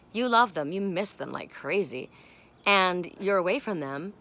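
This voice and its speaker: A woman chatting casually on her home deck, expressive and talking to her pets between thoughts. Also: medium pitch. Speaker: spiritual vlogger. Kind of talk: casual chat.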